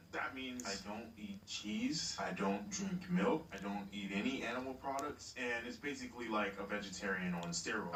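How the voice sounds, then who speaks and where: Young man rambling, roomy and far-off. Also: lowish voice. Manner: rambling, profane, exasperated storytelling. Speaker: vlogger. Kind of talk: casual storytelling vlog. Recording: roomy echo, far from mic, noisy.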